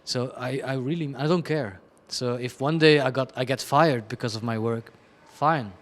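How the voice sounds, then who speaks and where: Man, interview answers, blunt, rambling, self-deprecating, mid-pitched voice. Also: normal speed. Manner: chaotic, rambling, frequent restarts and laughs. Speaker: creative director being interviewed. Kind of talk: candid conversational interview answers.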